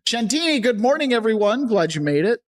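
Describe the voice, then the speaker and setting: Guy hosting a politics podcast, high voice that bounces all over, jokey and sarcastic. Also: fairly quick. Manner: animated, joking, sarcastic, reads chat aloud. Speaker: podcast host. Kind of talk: casual political commentary chat.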